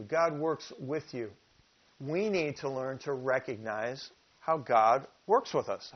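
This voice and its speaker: A man preaching a sermon who teaches from scripture, asks the listeners questions and reads verses slowly with emphasis. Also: mid-range voice. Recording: dull lo-fi recording.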